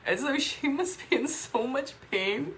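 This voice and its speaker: A woman's voice: sits high, animated, fairly bright tone, a little hiss or hum. Upset woman venting in a confessional vlog. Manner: raw, upset, swearing, halting restarts. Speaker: vlogger.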